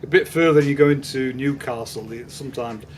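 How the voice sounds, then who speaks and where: A man from Cheshire in England, joining a casual livestream chat, good-humoured and quick to laugh. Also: mid-range voice, a little hiss or hum.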